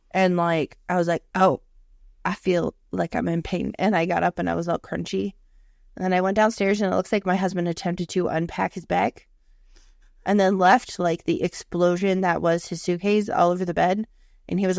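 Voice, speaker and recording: Gravelly-voiced woman, swearing storyteller. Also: lowish voice, no echo, studio quality. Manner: animated, profane storytelling. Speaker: podcast co-host. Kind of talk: casual chat.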